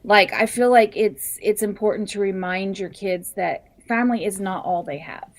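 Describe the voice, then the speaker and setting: A woman's voice: mid-range voice, moderate pace. A woman in a casual podcast conversation, direct and matter-of-fact, stating her opinions plainly.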